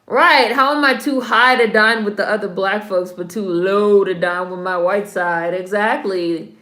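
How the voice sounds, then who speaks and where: Vlogger, woman; casual wry reaction talk, medium pitch, roomy echo. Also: unhurried, a bit bright. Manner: chatty, wry asides with slang. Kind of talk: casual movie-watching commentary.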